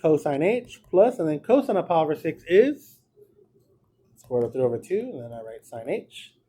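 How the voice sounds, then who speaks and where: A man's voice: a little high, sing-song, normal speed, warm tone, slightly rough. A man teaching a math class in a classroom, explaining each step in a casual way. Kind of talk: classroom lecture.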